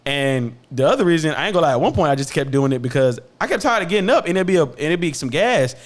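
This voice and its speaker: A man's voice: on the high side, big pitch swings, quick pace. A young man hosting a podcast, telling a story casually with profane slang and laughter. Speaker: podcast host.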